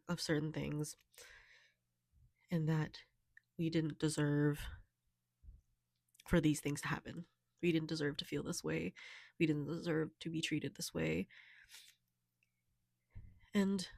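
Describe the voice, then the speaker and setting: A young woman talking softly and haltingly in a personal vlog, tearful and emotional, with many fillers. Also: sits low, vocal fry, no echo, clean studio sound. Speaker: vlogger.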